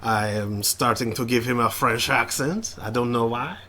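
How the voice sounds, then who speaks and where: Mid-pitched man streaming a game. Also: normal speed, bright, forceful tone, a little hiss or hum. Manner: reads game text aloud, chatty. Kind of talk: casual gameplay commentary.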